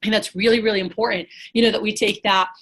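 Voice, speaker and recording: A woman sales trainer giving an energetic, casual motivational talk, full of rhetorical questions and fillers. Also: mid-range voice, fast talker.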